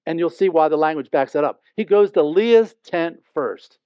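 A man preaching an expository sermon, animated, acting out the people he quotes. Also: a little high, normal speed, clear, resonant tone, no echo, lo-fi sound. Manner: animated, acts out quoted speech. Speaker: pastor.

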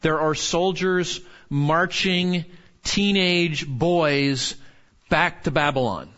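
Earnest pastor, dull recording. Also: male voice, on the high side, slow pace, fairly bright tone. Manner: earnest, asks the group questions, many restarts. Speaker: pastor teaching a Bible study. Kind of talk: conversational sermon.

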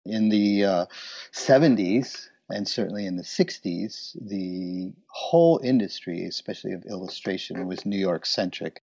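A man telling stories about his illustration business and acting out remembered conversations in lively voices. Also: deep voice, unhurried, vocal fry, no echo. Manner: animated, acts out remembered dialogue. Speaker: interviewee, illustration business owner. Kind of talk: reflective storytelling. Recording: slightly dull, dry recording.

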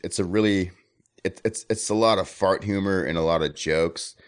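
A man's voice: sits low, moderate pace. A man chatting casually on a podcast, enthusiastic, repeating himself and swearing loosely. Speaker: podcast guest.

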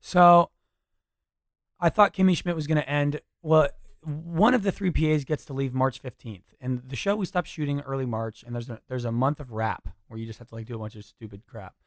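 A young man chatting casually on a podcast, fast-paced and animated, swearing freely as he tells stories. His voice sits in a middle pitch and is recorded close and dry. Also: no room sound. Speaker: podcast host. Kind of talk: casual storytelling chat.

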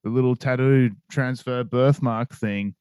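Brief: young Aussie male guest, opinionated and sweary, mid pitch, dry close sound. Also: fairly even intonation, measured pace, darkish tone, clean tone, no room sound. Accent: Australian. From Perth, Australia. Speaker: podcast guest. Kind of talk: casual chat.

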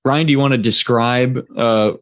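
A man's voice: mid-range voice, steady tone, normal speed, a bit bright. A man co-hosting a casual podcast chat in an easygoing way. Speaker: podcast co-host.

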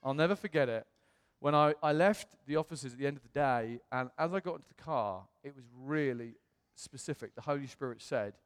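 A man preaching, telling a personal story with animated delivery and self-mocking humor, acting out what others said. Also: mid-range voice, brisk, few pauses, clear, resonant tone. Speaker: pastor. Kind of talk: personal testimony sermon. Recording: long reverb in a hall.

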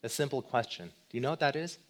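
A male pastor giving a sermon, asking rhetorical questions and moving between loud emphasis and quiet, low passages. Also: fast. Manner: animated, swings between loud emphasis and soft low delivery.

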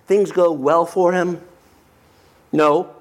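Brief: male pastor, slightly high pitch, emphatic delivery that drops to a hush. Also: slow pace. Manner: emphatic, swings from animated to hushed. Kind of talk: sermon.

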